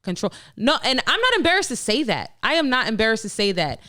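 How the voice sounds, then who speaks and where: Brief: young adult woman podcast co-host, casual and candid, swears freely, lively expressive delivery, dry close mic. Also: fast, dry recording. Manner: candid, animated, swears freely, laughs often; slips into a low, hushed tone when quoting her inner voice.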